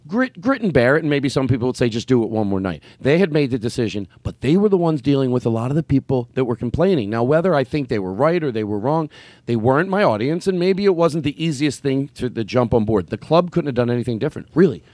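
A man, a comedian and podcast host, telling a story in casual chat, animated, swearing and acting out his own lines. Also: mid-range voice, fast talker, dry recording.

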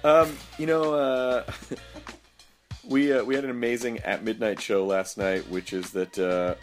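A man's voice: medium pitch, fairly even intonation, a little slow, soft background music. Rambling, laughing podcast host man. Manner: rambling, laughs often, lots of fillers. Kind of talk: casual chat.

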